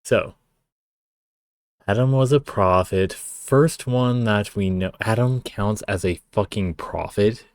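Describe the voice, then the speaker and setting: Young guy streaming, real low voice, snarky and swears a lot, dry close mic. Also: takes it slowly, no room sound. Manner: sarcastic, profane, rambling asides. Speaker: streamer reacting to a song. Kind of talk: casual stream commentary.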